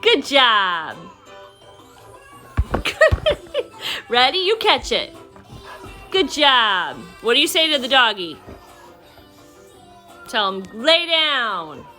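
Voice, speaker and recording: Lady vlogging at home, high bright voice, slow sing-song baby talk to a toddler. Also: big pitch swings, faint music behind. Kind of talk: casual home vlog. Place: home indoors.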